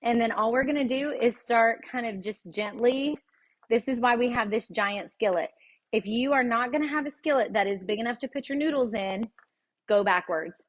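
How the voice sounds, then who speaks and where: A woman's voice: fairly high pitch, moderate pace. Chatty woman cooking at home. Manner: chatty and folksy, often laughing, addressing viewers directly. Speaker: cooking show host. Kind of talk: casual live cooking demonstration. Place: home kitchen.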